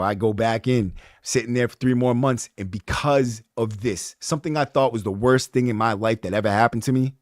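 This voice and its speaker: A man, hosting a podcast, telling his own story in a casual, profane, animated way. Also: medium pitch, no room sound, studio quality. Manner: animated, profane, rising to heated outbursts. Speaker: podcast host.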